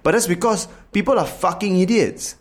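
Animated man, swearing a lot. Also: high voice, normal speed. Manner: animated, swears often, acts out others' voices. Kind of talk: casual podcast chat.

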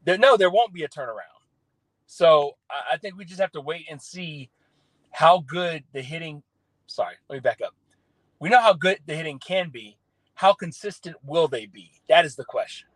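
A man from the US South giving animated, opinionated takes as a guest on a casual sports talk show. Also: a little high, moderate pace, no echo, rough recording. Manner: opinionated, animated, restarts phrases.

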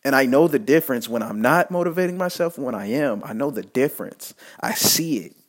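A man's voice: mid-range voice, animated, a little fast. A man talking straight to the camera in a casual motivational monologue, repeating himself and restarting phrases as he preaches to his listeners. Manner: repetitive, stumbling restarts, preachy asides.

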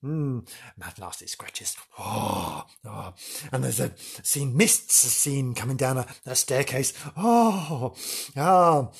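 A man hosting a comic spooky-story show, theatrical, with drawn-out exclamations and teasing questions. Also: medium pitch, animated, vocal fry, slightly rough. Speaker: host.

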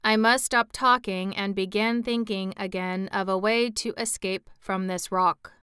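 Woman reading as a copper clockwork man, stiff, polite, measured, smooth resonant tone, slow, dry close sound. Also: mid-range voice, steady tone, sharp tone, dry recording. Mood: earnest.

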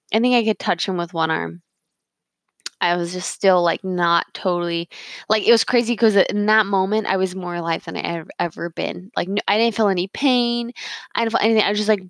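A woman's voice: medium pitch, no room sound. A young woman casually retelling her birth story, rambling with many fillers and restarts.

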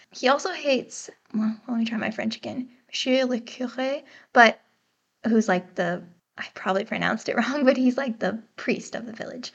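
A chatty American woman talks casually about a book, laughing often and fumbling good-naturedly over tricky pronunciations. Her voice sits fairly high. The recording is dull and lo-fi, as from a cheap podcast mic. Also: gravelly.

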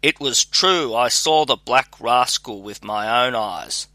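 A man reading out an eager, greedy miller from a storybook, slow and bright in tone. the sound is dry and close. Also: medium pitch, no echo. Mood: curious. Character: curious greedy middle-aged male miller.

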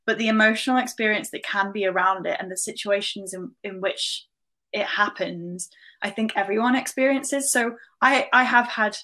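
A woman guest on a podcast who talks in a thoughtful, measured way. She pauses on fillers as she explains things. Her pitch sits in the middle. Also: pushed and bright. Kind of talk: casual chat.

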